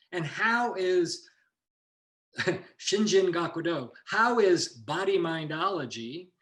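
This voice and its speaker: Male ki instructor with a higher voice, rambling lecture style, echoey room sound. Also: fairly bright tone. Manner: loose, digressive, with many restarts. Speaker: ki and meditation teacher. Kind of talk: informal online lecture.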